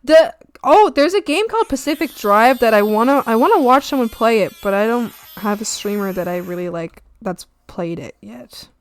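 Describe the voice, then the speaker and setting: Playful high-voiced woman streamer. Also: animated, moderate pace, few pauses. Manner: playful, silly, bursts into squeals and laughter. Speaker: art streamer. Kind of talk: casual chat with live viewers.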